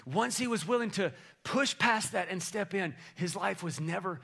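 A male pastor preaching an energetic, playful sermon, rallying his congregation in a church. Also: high voice, moderate pace, gravelly. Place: church sanctuary.

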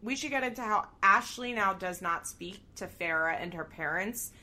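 This woman, co-hosting a podcast, gives a casual, energetic recap of a reality show, with plenty of laughing and some swearing. Expressive and at a normal speed, her mid-range voice sounds bright and forceful.

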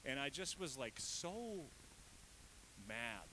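Pastor, male, 30s, forceful bright tone, chatty and candid from the pulpit. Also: mid-range voice, sing-song, takes it slowly, a little hiss or hum, poor audio. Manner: casual, candid, self-deprecating asides. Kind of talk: conversational sermon.

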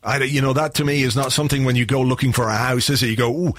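A man co-hosting a football podcast in casual, wry chat that drifts into jokey asides. His voice sits at an ordinary middle pitch. The sound is close and dry, with no room around it. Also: fairly even intonation, racing, a bit bright, dry recording. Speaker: podcast co-host.

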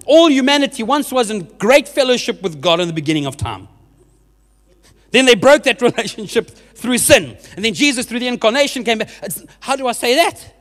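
A young man, a youth minister telling a humorous testimony in a church service, animated and often laughing at himself. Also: high-pitched. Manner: animated storyteller, laughs often, self-mocking. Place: church hall with a live audience. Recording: reverberant hall sound.

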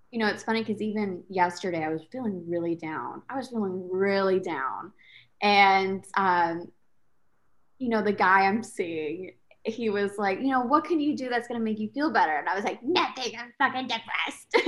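A woman guest on a casual podcast, telling her career story in a candid, expressive way. She swears freely, acts out what others said to her, and her pitch sits in the middle range. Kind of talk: casual chat.

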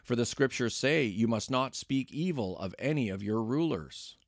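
A bold, earnest apostle pleading his case, read aloud by a man. The voice has a gravelly edge, and the recording is dry and close. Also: medium pitch, expressive, normal speed, no echo. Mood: apologetic. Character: Paul, bold male apostle defending himself.

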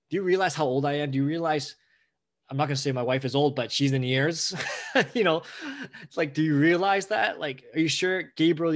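A man preaching a sermon as pastor, earnest and growing emotional, building emphasis through repeated phrases. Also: mid-range voice.

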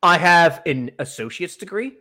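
A man with a high voice co-hosts a podcast. He tells absurd jokes with a deadpan delivery and swears in passing. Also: normal speed. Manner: deadpan absurd joking, profane. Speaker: podcast co-host. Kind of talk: casual comedic chat.

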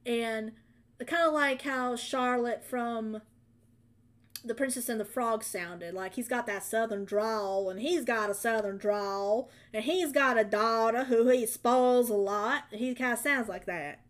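A woman's voice: on the high side, unhurried. A woman chatting casually about a film she saw, rambling with lots of fillers and restarts. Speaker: film reviewer. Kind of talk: casual chat.

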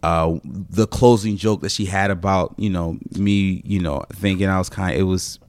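A man's voice: low-pitched, fairly even intonation, normal speed, clean tone, dry recording. A man who is a comedian guest, telling stories in casual podcast chat, rambling with many fillers.

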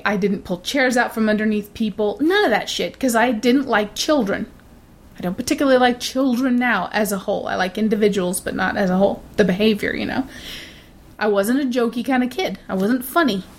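A woman with a slightly high voice tells a casual story to a friend. She is blunt, curses without a second thought, and acts out the people she quotes.

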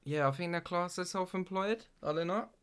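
A man's voice: high voice, moderate pace, a bit bright, clean tone, dry recording. A young man with an English accent co-hosting a podcast, laid-back and full of slang. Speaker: podcast co-host. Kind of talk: casual podcast banter.

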